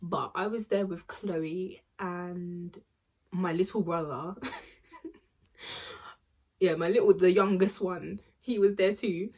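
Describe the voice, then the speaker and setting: A young woman rambles through a storytime vlog, her voice husky and set a little low. She piles up fillers and asides as she goes. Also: fairly even intonation, slow, pauses often, darkish tone. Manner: chatty, rambling, full of fillers and laughs. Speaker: vlogger.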